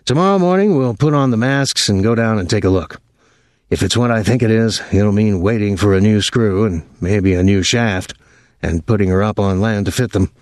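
A man reading an audiobook, voicing a calm, reassuring middle-aged boat owner. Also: on the low side, moderate pace, no echo, clean studio sound, natural voice.

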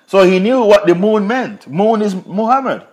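A man's voice: high-pitched, expressive, moderate pace, darkish tone. Emphatic man telling a religious story. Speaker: Quran teacher.

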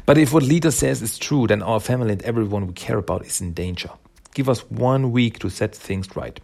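An earnest young turtle leader from a comic, as a man reads him out, pleading steadily. The voice is gravelly and a bit husky. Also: fairly low pitch, brisk, a little mellow.

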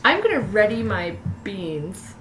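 A woman playing a tabletop game, joking as she goes. Her voice is lively and animated, with a little noise behind it. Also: mid-range voice, a little slow. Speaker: player.

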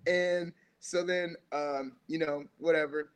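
A man's voice: on the high side, fairly even intonation, slow pace, a crowd in the background. A young man telling a loose, rambling story as a podcast guest, full of filler words. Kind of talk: casual storytelling.

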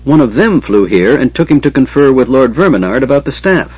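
A man voicing a hurried, clawed reptilian priest creature. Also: medium pitch, lively intonation, a little mellow, breathy edge, dry recording, dull audio, pitched above the performer's own voice. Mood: uneasy.

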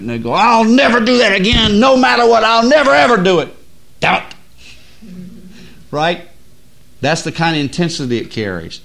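A male preacher giving a sermon, moving between quiet, low explanation and loud, rising emphasis, slowing words down to stress them.

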